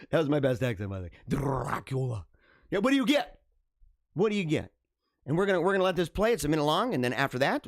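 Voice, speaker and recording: A man's voice: fairly high pitch, no room sound, studio quality. A man hosting a livestream, talking in a casual, mocking, theatrical way and laughing at his own jokes. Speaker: livestream host. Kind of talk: casual live commentary.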